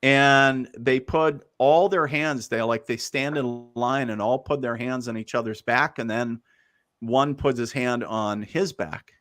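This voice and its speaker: A man's voice: medium pitch, unhurried, fairly bright tone, dry recording, clean studio sound. A man, a guest medium, telling stories in a casual, rambling way with lots of fillers. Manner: rambling, many fillers, laughs easily. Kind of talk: casual storytelling.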